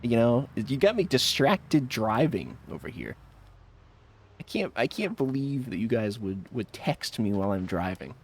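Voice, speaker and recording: A man's voice: mid-range voice, very animated, unhurried, husky. A man chatting loosely as he streams a game, with a mid-range voice. He laughs often and mocks himself. He argues with his chat in a playful, mock-defensive tone. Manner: joking, self-mocking, laughs often. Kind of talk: casual live game-stream commentary.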